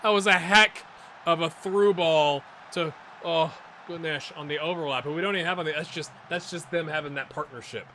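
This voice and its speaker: A middle-aged man giving live gameplay commentary on his football management game, swinging from low mutters to excited shouts. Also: a little fast, a little hiss or hum. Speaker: gaming YouTuber.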